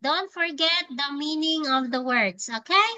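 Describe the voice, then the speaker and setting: A woman's voice: high voice, measured pace, bright, forceful tone, dry recording, low-quality recording. A woman teaching English to a young child one-on-one, patiently coaxing and repeating her prompts.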